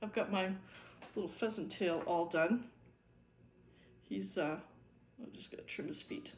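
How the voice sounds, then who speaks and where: A woman's voice: mid-range voice, unhurried, a little mellow. A woman hosting a fly-tying video, telling a fishing-guide story in an easygoing, wry way while she ties. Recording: echoey room with faint noise.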